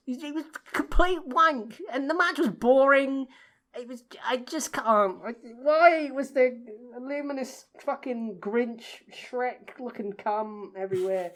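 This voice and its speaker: A woman's voice: animated, a little slow, a bit bright. A woman from the UK co-hosting a wrestling podcast, ranting in casual chat with lots of swearing and exasperation. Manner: sweary, exasperated, swinging pitch. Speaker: podcast co-host.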